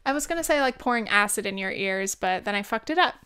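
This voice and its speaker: A woman's voice: mid-range voice, expressive, fast talker, sharp tone, smooth. A young woman with a Californian accent rambling and swearing freely in a casual chat, speaking close to the mic. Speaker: vlog host.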